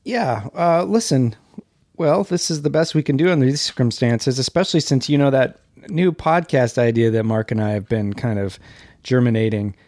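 A man's voice: mid-range voice, moderate pace, a little mellow, no echo, clean studio sound. A man co-hosting a casual remote podcast, rambling and joking along with his partner. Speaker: podcast co-host.

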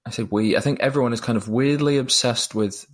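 A man's voice: medium pitch, a little fast. A man talking through a film in a casual chat, thoughtful and a little hesitant, often repeating words. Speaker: film reviewer.

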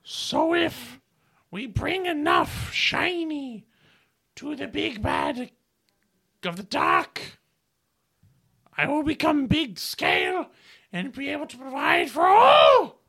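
A man's voice: very animated, takes it slowly, creaky, long pauses, sharp tone, full character voice. A man voicing a proud little scaly creature leader who makes grand proclamations to his kin. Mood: grandiose. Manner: high booming proclamation.

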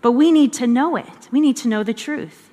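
A woman's voice: a little high, moderate pace, mellow. A woman giving a conversational devotional teaching in an earnest way, repeating phrases for emphasis. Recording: long hall reverb.

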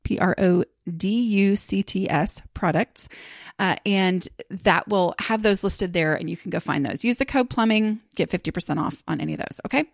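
A woman hosting a podcast, talking in a loose, rambling way and circling back on her own thoughts. Her voice has a gravelly edge. The sound is close and dry, with no room around it. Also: medium pitch, normal speed, dry recording. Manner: rambling, chatty, many fillers and restarts. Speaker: podcast host. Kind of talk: casual chat.

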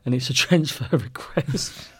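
A man's voice: mid-range voice, measured pace, heavy background noise. A man co-hosting a podcast, telling stories in casual chat, swearing often and laughing as he goes. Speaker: podcast co-host.

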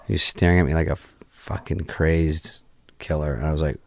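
Speaking quickly in a low voice, a man who is a film director tells a lengthy story as a guest in a casual interview. He's animated and profane, performing the dialogue of the people in his tale.

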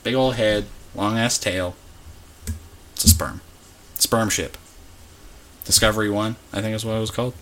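A man's voice: on the low side, fairly even intonation, moderate pace, pauses often, fairly bright tone, a little hiss or hum. A young man co-hosting a podcast, rambling and joking through a casual movie recap with lots of fillers. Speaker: podcast co-host. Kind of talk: casual chat recapping a film. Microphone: podcast mic.

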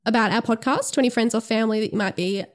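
A young woman co-hosts a laid-back podcast, her voice sitting a little high. She gushes and gets emotional as she talks, giggling often. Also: rapid-fire. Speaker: podcast host. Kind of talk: casual podcast chat.

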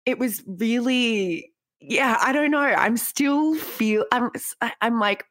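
On a TV recap podcast, a woman co-host chats casually in a bubbly, rambling way, packing her talk with "like"s. Her voice is a little high and a bit bright, and she speaks slowly. The recording is clean studio sound with no echo.

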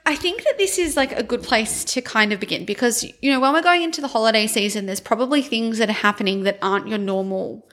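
A young woman co-hosts a laid-back podcast chat. Her voice sits a little higher than average. She talks conversationally and uses "like" often. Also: fast, few pauses, fairly bright tone. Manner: conversational, many "like" fillers. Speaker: podcast co-host. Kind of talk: casual chat.

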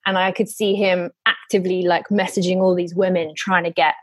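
A woman's voice: lowish voice, level tone, brisk, dry recording. A young woman in her twenties, a podcast guest, telling a frank personal story in a tumbling, candid way. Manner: frank, tumbling, acts out quotes.

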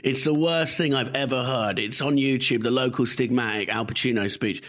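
Man, mid-pitched, chatty podcast co-host, laughs a lot, quick asides. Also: a bit bright. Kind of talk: casual chat.

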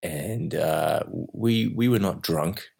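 A man from Australia talks casually in a low register, spinning animated stories. He laughs readily between lines. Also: takes it slowly, vocal fry, husky. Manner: animated storyteller, laughs often. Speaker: actor, podcast co-host. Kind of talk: casual chat.

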